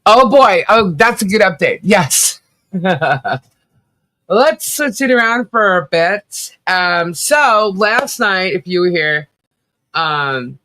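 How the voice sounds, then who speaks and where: A woman co-hosting a casual livestream chat, rambling and laughing often, with a slight cough and a rough throat. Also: lowish voice, expressive, slow pace, sharp tone. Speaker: livestream co-host.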